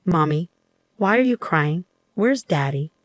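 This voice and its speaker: A woman's voice: on the low side, lively intonation, unhurried, no room sound, clean studio sound. A woman voicing a scared, lonely six-year-old girl who asks plaintive questions in a spoken story.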